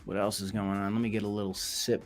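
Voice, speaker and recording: A man's voice: on the low side, flat delivery, quick pace, faint music behind. A young man hosting a casual crypto livestream, chatting loosely and reacting to viewer comments as he reads them out.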